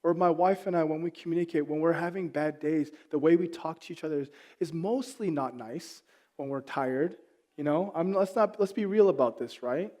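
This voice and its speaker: A man's voice: fairly high pitch, moderate pace, dark tone. A man in his thirties preaching a sermon as a pastor, telling family stories with self-deprecating humor before turning earnest.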